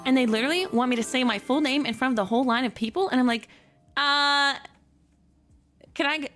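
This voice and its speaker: A woman streamer at home at her computer, telling a story in a casual chat, animated and giggly, with lots of fillers and self-corrections. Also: high voice, rapid-fire, faint music behind.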